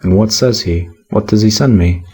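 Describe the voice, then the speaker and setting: An anxious older banker in a storybook, read by a man, earnest and businesslike. His voice sits deep with a husky grain. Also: normal speed, mellow.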